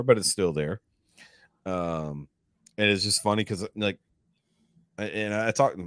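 A man's voice: low-pitched, no room sound, clean studio sound. A man from Texas hosting a podcast, chatting in an easygoing, rambling way without a regional twang. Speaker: podcast host. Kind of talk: casual chat.

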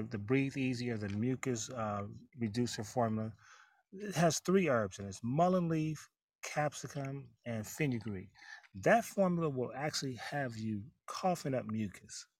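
Man explaining calmly in a dry room. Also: mid-range voice, no echo. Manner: measured, explanatory, some hesitations. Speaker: co-host. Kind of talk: casual health talk.

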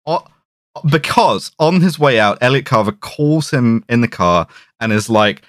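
A man co-hosting a casual podcast about a film, talking in an animated, sweary way with frequent restarts and laughs. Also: medium pitch, a little slow, no echo, studio quality. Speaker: podcast co-host.

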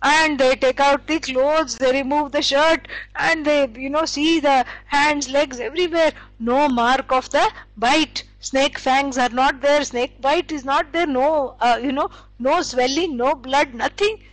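A woman's voice: sits high, steady tone, measured pace, no room sound, low-quality recording. A woman teaching scripture, explaining with stories and acted quotes, using many fillers. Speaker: spiritual teacher. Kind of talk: scripture lecture.

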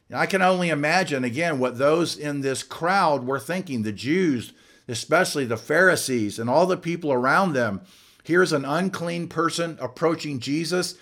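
A man preaching a sermon, earnest and building emphasis with slow, drawn-out words. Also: on the high side, fairly bright tone. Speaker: pastor.

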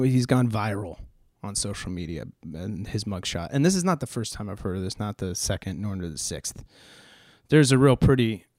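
A man's voice: mid-range voice, no echo, studio quality. An American man rambling through news in a casual, profane, joking way, full of fillers and restarts. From United States.

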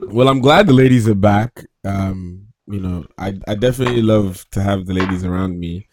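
A man's voice: on the low side, normal speed, a little mellow, no room sound, studio quality. A man hosting a casual podcast chat, teasing his co-hosts and laughing often. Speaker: podcast host.

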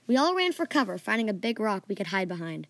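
Playful female storyteller, casual narration, bright and slightly high, dry close sound. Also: big pitch swings, fast, no room sound. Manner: playful, adds sound effects and asides.

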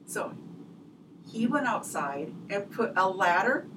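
A woman's voice: mid-range voice, animated, slow pace. A middle-aged woman guest in casual chat, telling stories in a rambling way. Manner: rambling, with many fillers and restarts. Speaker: podcast guest. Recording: distant mic with clear background noise.

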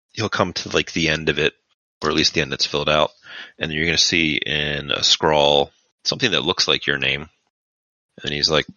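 A man serving as game master, narrating a tabletop game in an unhurried, descriptive way with fillers. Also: rumbling low, pushed and bright, dry recording, lo-fi sound.

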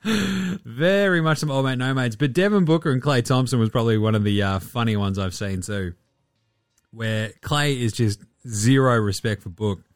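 A man hosting a casual sports recap, excitable and sarcastic, swearing freely. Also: mid-range voice, moderate pace, dry recording, clean studio sound. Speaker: host.

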